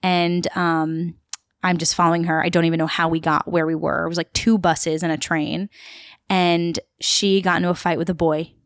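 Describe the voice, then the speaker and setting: A woman tells a lively story as a podcast guest. Her voice sits a little low, and her talk runs chatty and full of fillers. The recording is close and dry. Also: normal speed, clear, resonant tone, no room sound. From Queens, New York City. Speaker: podcast guest, actor and tour guide. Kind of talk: casual storytelling interview.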